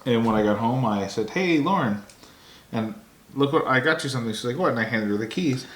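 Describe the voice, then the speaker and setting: Storytelling man in an echoey room. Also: fast talker. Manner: animated, acts out quotes in a high voice. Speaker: podcast co-host. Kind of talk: casual storytelling chat.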